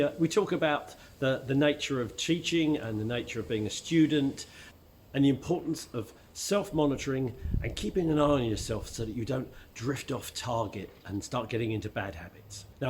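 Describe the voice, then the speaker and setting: A man with a Cockney accent, croaky from being ill, hosting his channel and talking casually to the camera with plenty of fillers and restarts. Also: mid-range voice, darkish tone, slight background noise. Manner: chatty, with frequent fillers and restarts. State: croaky voice from illness. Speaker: aikido instructor and channel host.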